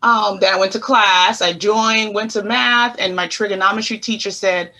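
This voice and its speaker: A middle-aged woman from the U.S. Virgin Islands with a Caribbean accent, telling her story as an interview guest in an animated way. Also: medium pitch, moderate pace, rough recording. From St. Thomas, U.S. Virgin Islands. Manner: animated storyteller acting out quoted questions. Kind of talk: conversational interview.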